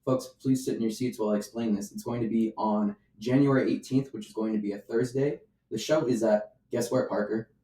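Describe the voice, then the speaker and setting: A man's voice: on the low side, steady tone, fairly quick, few pauses, mellow. A man co-hosting a casual podcast chat, rambling with lots of fillers and restarts. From Las Vegas area. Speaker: podcast co-host. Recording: roomy echo.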